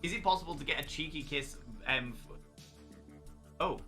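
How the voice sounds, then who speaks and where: A man's voice: fairly high pitch, normal speed, soft background music. A man hosting a casual livestream, telling stories with lots of swearing and bursts of laughter. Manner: animated storyteller, swears freely, bursts into laughter. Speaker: streamer host.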